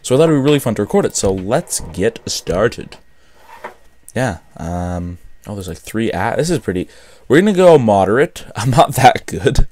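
A man's voice: fairly low pitch, very animated, moderate pace, a little mellow, a little hiss or hum. A young man doing casual let's-play commentary, chatty and self-deprecating, laughing often. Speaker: gaming host.

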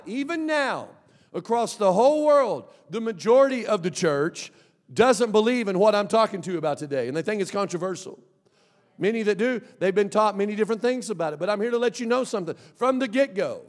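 A man preaching a sermon as pastor, swinging from loud shouts to low mumbled asides. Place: church sanctuary. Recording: long church hall reverb.

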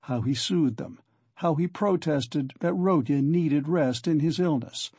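A man reading a classic novel aloud as an audiobook narrator, in a measured, even way. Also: on the high side, breathy edge, dry recording. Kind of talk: scripted narration.

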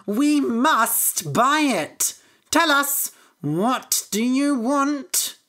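A woman reading a storybook aloud, voicing a farmer's wife who is shrill and easily astonished. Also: extremely slow, pushed and bright, exaggerated voice. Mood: amazed.

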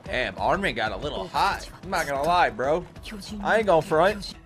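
A young man reacting to an anime episode, excitable and profane, yelling at the characters on screen. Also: a little high, moderate pace. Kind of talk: live anime reaction commentary. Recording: music from the show playing behind.

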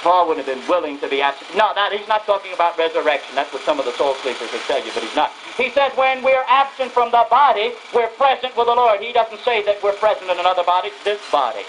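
A woman's voice: mid-range voice, expressive, quick pace, hardly any pauses, background noise. A woman preacher giving a radio sermon, reading scripture and driving her points home through emphatic, repeated phrases. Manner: reads scripture aloud and stresses single words.

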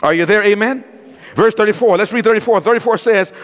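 A male pastor preaches to his congregation in a high-pitched voice, leaping from shouted exclamations to quiet, low asides. He throws questions out to the listeners and leaves room for them to answer. The sound rings with a long reverb from the church hall around him. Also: fast talker. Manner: dramatic swings from loud exclamations to low hushed tones. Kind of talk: evangelistic sermon. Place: church sanctuary.

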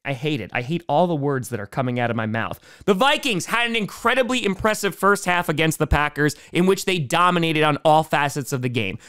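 A young man talks through weekly football predictions in a comedic monologue. His voice sits high and sounds smooth and clear, and he keeps it animated, dropping into low mutters for his jokes. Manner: animated and wisecracking, jumping between highs and lows. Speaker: comedic sports commentator.

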